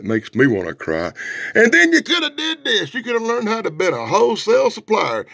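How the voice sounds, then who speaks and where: Loud, mocking male comic reviewer with a gravelly voice. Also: on the high side, dry recording, clean studio sound. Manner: loud, mocking, excitable, swings between shouting and muttering. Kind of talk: casual, rowdy comic review.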